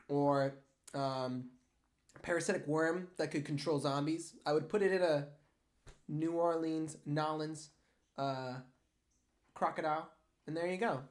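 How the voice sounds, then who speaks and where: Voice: mid-range voice, steady tone, measured pace, pauses often. A young adult artist chatting casually on a livestream, answering viewer questions with rambling, jokey asides. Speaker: artist streamer.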